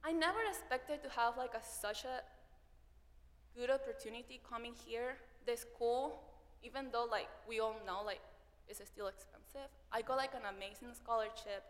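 A woman's voice: fairly high pitch, normal speed. A young woman from Venezuela, a native Spanish speaker with a Venezuelan accent, telling her story as a university student and acting out what people said to her. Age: young adult. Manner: animated, acts out what people said. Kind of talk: personal storytelling. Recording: long hall reverb.

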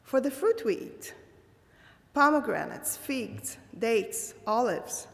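Slow, gravelly woman preaching in a hall. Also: a little high, very animated. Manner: slow, measured, thoughtful delivery. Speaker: religious speaker. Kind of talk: reflective holiday sermon.

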